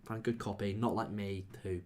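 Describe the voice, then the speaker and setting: This young podcast co-host has a fairly low voice and a brisk pace, and there's background noise behind him. He rambles through a casual, animated chat, peppering it with "like" and laughing often.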